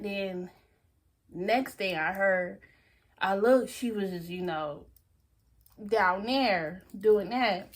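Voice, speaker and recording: A young woman casually telling a story-time vlog, animated and laughing often, acting out her friends' lines. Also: medium pitch. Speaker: storyteller vlogger.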